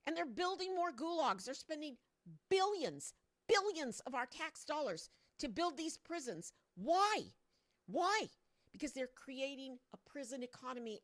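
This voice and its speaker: A woman with a high, slightly bright voice rants about politics on a livestream, speaking into her own stand-mounted microphone. She rambles and mocks as she addresses her viewers.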